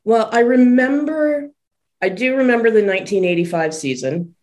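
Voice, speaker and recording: 50s, interview guest, relaxed, lots of ums, mid pitch. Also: normal speed. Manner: relaxed storytelling with many ums. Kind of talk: casual interview chat.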